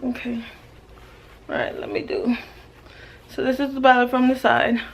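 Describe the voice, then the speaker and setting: A Jamaican woman in her thirties vlogs a pregnancy update into a camera mic, chatting casually in a playful, self-mocking way. Her voice is high-pitched at normal speed, with a slight hiss or hum in the recording.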